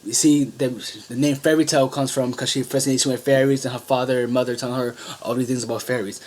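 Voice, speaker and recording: A man's voice: medium pitch, little pitch movement, quick pace, a little mellow. A man recapping an anime episode in a casual, rambling way, with frequent restarts and asides. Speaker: anime reviewer.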